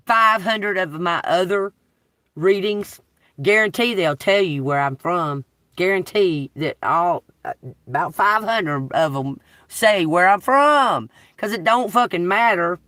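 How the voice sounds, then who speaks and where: A woman's voice: fairly low pitch, expressive, slow, fairly bright tone, dry recording. Brief: Southern woman tarot reader, blunt and cussing, voice that leaps up and down. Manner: blunt, profane, swings between drawl and outbursts. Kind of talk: unscripted video rant to viewers.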